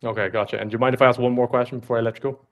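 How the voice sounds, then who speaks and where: Fast-talking guy on a sales cold call, friendly but pushy, mid-pitched voice. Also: fairly even intonation.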